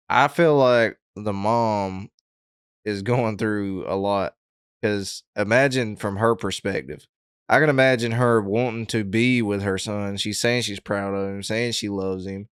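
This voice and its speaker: A man hosting a reaction video, talking casually and thoughtfully, pausing with lots of fillers. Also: fairly low pitch, clean tone, dry recording, studio quality. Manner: thoughtful, halting, with many fillers. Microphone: headset.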